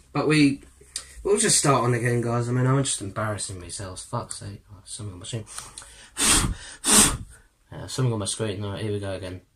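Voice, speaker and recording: A man hosting a reaction video, talking casually to viewers with constant swearing and loud exclamations. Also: lowish voice, normal speed, pauses often, heavy background noise. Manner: profane, exclamatory, addressing viewers as guys. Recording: cartoon music playing behind.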